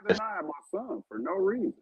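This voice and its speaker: A man co-hosting a podcast, telling profane, animated stories and acting out what people said. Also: sits high, racing, highs cut off, crowd noise. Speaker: podcast co-host. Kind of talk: casual chat, storytelling.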